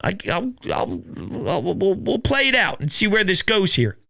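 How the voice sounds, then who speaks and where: A man hosting a casual sports talk show, taking calls and rambling excitably. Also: sits high, moderate pace, gravelly. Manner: excitable, laughing, rambling with restarts. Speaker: sports podcast host.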